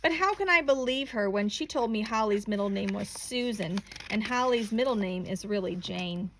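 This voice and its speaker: A woman reading a children's picture book aloud in a slow, expressive, playful storytelling manner. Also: mid-range voice, a little hiss or hum.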